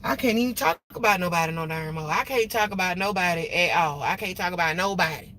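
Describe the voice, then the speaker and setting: A woman venting on a phone live stream from her parked car, rambling and repeating herself, with sudden loud outbursts. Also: on the low side, fast talker, slight background noise. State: upset after losing her job. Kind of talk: casual venting monologue. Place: parked car in a parking lot.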